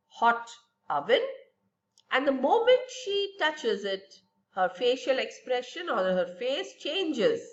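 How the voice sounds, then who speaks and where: A woman's voice: high voice, a bit bright, lo-fi sound. A woman teacher giving a recorded science lesson to young children, asking and answering her own questions in a patient, lilting way.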